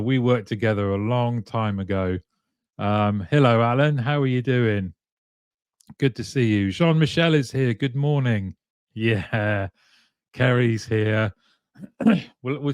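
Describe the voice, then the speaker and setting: A man's voice: mid-range voice, smooth, no echo, clean studio sound. A man hosting a live stream, chatting casually and greeting viewers one by one by name, with plenty of ums. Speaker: live show host.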